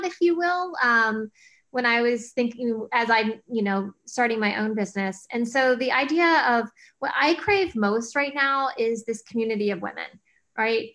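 A woman's voice: fairly high pitch, fairly bright tone. A woman guest on a podcast, talking earnestly about her projects with many fillers and restarts. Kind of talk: conversational interview talk.

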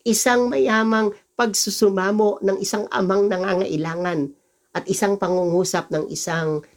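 A woman with a Filipino accent preaches in a mid-range voice, switching between English and Tagalog. She is emphatic and slows right down on each scripture quote to press it home. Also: medium pitch, steady tone. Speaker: pastor. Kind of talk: sermon.

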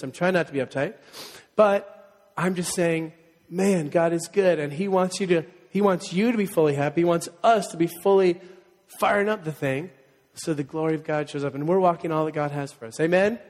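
Animated preacher in a reverberant hall. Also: male voice, a little high. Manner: call-and-response, animated and joking. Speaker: pastor. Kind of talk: sermon. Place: church sanctuary. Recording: long reverb of a church hall.

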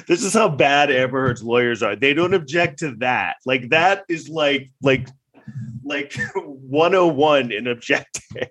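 A man's voice: a little high, takes it slowly, fairly bright tone. A man hosting a commentary video, laughing constantly, swearing, and talking casually with lots of filler.

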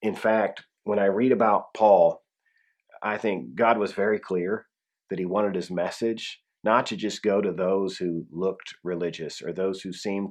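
A man preaching a conversational sermon as pastor, with frequent restarts and emphatic drops in his voice. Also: deep voice.

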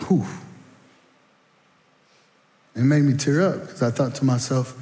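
A man's voice: medium pitch, unhurried, long pauses. A middle-aged man preaching a sermon, telling folksy personal stories and speaking straight to the congregation. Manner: folksy, animated storytelling, addresses the audience directly. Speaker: guest speaker at a church. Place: church auditorium. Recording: long reverb in a large hall.

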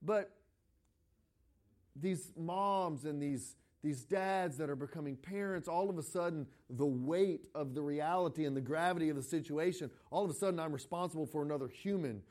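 High-voiced pastor preaching conversationally. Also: male voice, moderate pace. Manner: conversational preaching with frequent repeated starts; animated storytelling, breaking into quoted voices. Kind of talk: sermon.

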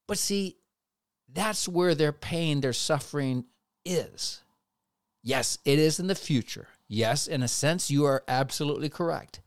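A man giving an earnest, reassuring devotional teaching about faith to the camera, in a measured way. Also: on the high side, smooth, no echo, studio quality. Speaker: Christian speaker.

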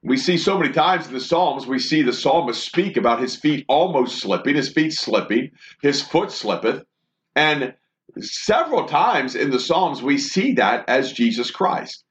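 A man's voice: mid-range voice, animated, measured pace. A man leading a Bible study, reading scripture aloud and then explaining it in an earnest way. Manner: earnest, reads verses then expounds. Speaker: Bible teacher. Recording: dull lo-fi recording.

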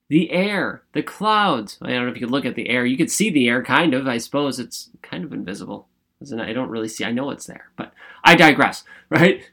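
Upbeat, rambling motivational podcast man. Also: fairly high pitch. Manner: enthusiastic, rambling, self-joking asides. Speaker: podcast host.

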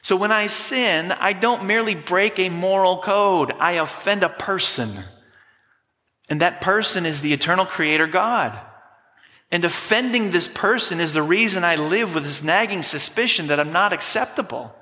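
A man's voice: sits high, normal speed, sharp tone. A man preaching a sermon as pastor, emphatic and teaching, leading the congregation in repeating words. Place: church sanctuary. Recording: long hall reverb.

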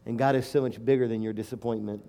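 A man's voice: medium pitch, fairly even intonation, fast talker, dark tone. A middle-aged man preaching a sermon and telling a personal story, emotional and emphatic, rising to fervent declarations.

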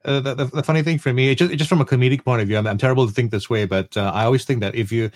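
A man's voice: mid-range voice, racing, darkish tone, no echo. A man chats as co-host, joking dryly and stumbling on his first words. His voice sits in the middle range. The sound is very dry and close. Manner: dry humor, repeats words at starts. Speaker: podcast co-host. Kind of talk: casual chat.

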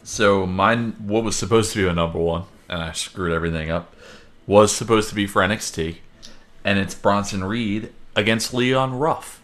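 A man's voice: on the low side, moderate pace, fairly bright tone. A man co-hosting a casual podcast, giving opinionated takes with exasperated emphasis. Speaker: podcast co-host. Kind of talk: casual wrestling podcast chat.

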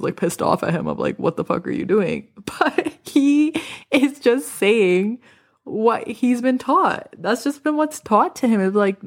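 A young woman podcast host in casual reflective talk, speaking candidly and filling her sentences with "like" as she tells stories. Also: a little high. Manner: candid, animated storytelling with frequent "like" fillers.

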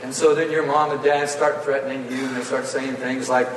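A man's voice: mid-range voice, flat delivery, fairly quick, few pauses, far from the mic, a crowd in the background. A male preacher telling a folksy, playful story during a sermon. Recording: echoey hall, voice from afar.

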